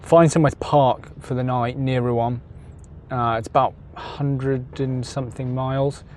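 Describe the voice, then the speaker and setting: Travel vlogger, man, mid pitch, casual and wry, noisy car recording. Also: steady tone, moderate pace, a little mellow. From England. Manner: chatty, self-deprecating, laughs at himself. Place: in a car and outdoors on a ferry. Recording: noisy car and outdoor background. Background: car and traffic noise.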